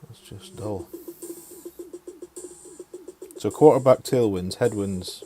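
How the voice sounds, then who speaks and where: A man's voice: fairly low pitch, normal speed, warm tone, a little hiss or hum. A middle-aged man streaming a game in casual, chatty talk, muttering and swearing to himself. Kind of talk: casual chat over live gameplay. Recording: faint music behind.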